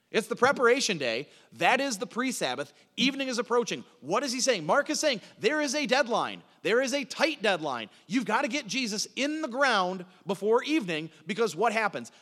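A man with a high voice preaches a sermon, lively and emphatic, repeating key phrases and firing questions he then answers himself. His words ring out with a long reverb, as if in a large hall. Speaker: pastor. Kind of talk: expository sermon.

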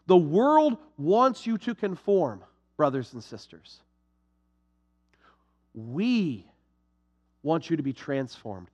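A young adult man preaching a sermon to his congregation, animated and sarcastic, with quick restarts. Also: a little high, long reverb tail, muffled recording. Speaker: pastor.

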